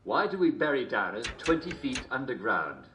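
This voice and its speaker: A man's voice: mid-range voice, very animated, normal speed, noisy background, natural voice. A man playing a jovial, constantly chuckling TV host, mock-cheerful and smarmy. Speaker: show host. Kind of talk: comedic character monologue.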